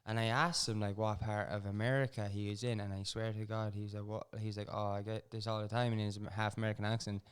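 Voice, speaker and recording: A fast-talking man hosts a casual podcast in a smooth, clear voice that sits a little low. He tells stories in a rambling, animated way, full of fillers. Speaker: podcast host.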